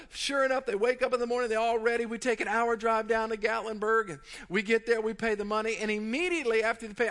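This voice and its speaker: A man who is a pastor, telling a funny story in a sermon as an animated storyteller who laughs through the tale. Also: high-pitched, creaky.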